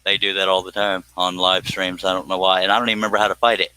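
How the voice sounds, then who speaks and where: A man's voice: low-pitched, level tone, fast, bright, forceful tone, clean tone, poor audio. A man hosting a casual live stream, joking, laughing often and thanking viewers by name. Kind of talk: casual live stream chat while woodworking.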